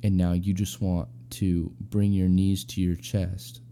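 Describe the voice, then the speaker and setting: A man's voice: low voice, little pitch movement, a little slow, mellow, a little hiss or hum. A young adult man casually telling a personal anecdote, rambling and slangy with lots of fillers. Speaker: storyteller.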